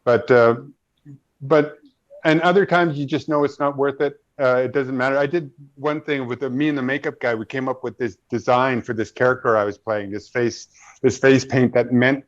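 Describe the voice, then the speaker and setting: A man's voice: medium pitch, steady tone, normal speed. Thoughtful man telling stories, muffled audio. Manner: thoughtful, storytelling, frequent restarts. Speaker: actor, panel guest. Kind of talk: conversational panel interview.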